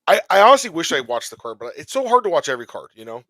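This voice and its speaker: Man, podcast host, very fast talker, joking asides, dry close sound. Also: a little high, very animated, pushed and bright, no room sound. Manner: rapid, rambling, joking asides. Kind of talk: casual podcast chat.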